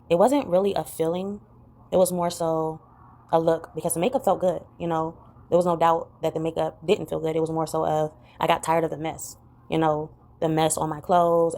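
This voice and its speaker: Low raspy-ish woman rambling thru a personal vlog, lots of "you know". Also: darkish tone. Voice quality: gravelly low voice. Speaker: vlogger. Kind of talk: reflective personal vlog talk.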